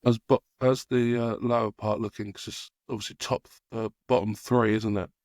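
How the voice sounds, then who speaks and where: A man's voice: on the low side, flat delivery, normal speed, darkish tone, dry recording, studio quality. A man co-hosting a casual darts podcast, easygoing and a little self-deprecating, sometimes stumbling over names. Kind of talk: casual chat.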